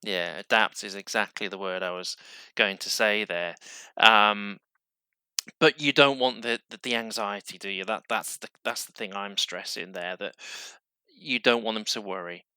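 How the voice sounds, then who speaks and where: A man hosting a podcast, speaking casually in halting starts and restarts. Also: fairly low pitch, steady tone, smooth, no room sound. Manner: halting, restarts often, warm interjections. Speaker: podcast host. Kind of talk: casual conversational interview.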